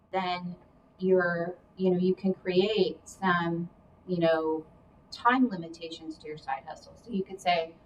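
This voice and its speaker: A woman appears as a career coach guest, offering casual career and money advice in an unhurried, low-ish voice. She's chatty and explanatory, with hedging asides, picked up by a distant mic with faint background noise.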